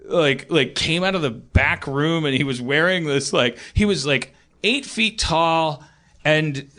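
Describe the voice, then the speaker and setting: A man's voice: a little high, fairly bright tone. A man hosting a live comedy podcast, telling a story in a rambling way, full of fillers and laughter. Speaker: podcast host. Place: stage before a live audience. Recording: live audience crowd noise.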